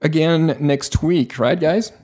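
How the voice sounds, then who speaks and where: A man with a French accent co-hosting a tech podcast in a relaxed, rambling way with many fillers. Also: fairly high pitch, takes it slowly. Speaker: podcast co-host. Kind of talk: casual podcast chat.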